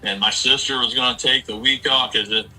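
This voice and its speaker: A man's voice: medium pitch, fairly even intonation, brisk, bright, forceful tone, far from the mic, low-quality recording. A man in his forties in casual chat, talking bluntly and with a lot of swearing as he rambles through a family story. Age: 40s. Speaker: streamer.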